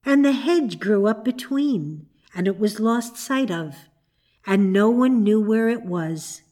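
A woman reading the part of a gentle grown woman who guides lost children, speaking earnestly and sincerely in a storybook. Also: medium pitch, expressive, takes it slowly. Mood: happy.

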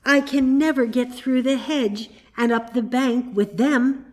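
A woman's voice: sits high, steady tone, a little slow, darkish tone, voice pushed up. A woman reading the part of an earnest, troubled young girl in a storybook, pleading and wondering. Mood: woeful.

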